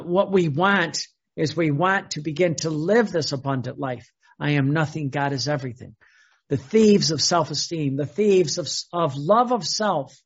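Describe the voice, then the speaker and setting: Male priest, sermon, chatty and repetitive, somewhat higher voice, muffled recording. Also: creaky, slightly rough. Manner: conversational, repeats words, chuckles, acts out quotes. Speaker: Catholic priest.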